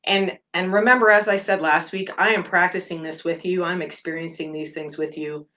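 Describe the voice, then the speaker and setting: A woman hosting a meditation podcast, talking about personal matters in earnest, halting phrases. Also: fairly low pitch, steady tone, pushed and bright. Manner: earnest and open, speaks in halting phrases with fillers. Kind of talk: personal reflective talk.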